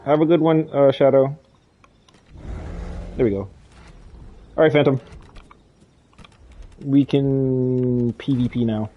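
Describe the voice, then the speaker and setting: A man's voice: mid-range voice, slow pace, long pauses, phone-quality sound. A man livestreaming a dinosaur game, chatting casually with viewers and teammates as he plays. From not from the countryside. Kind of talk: casual gaming commentary.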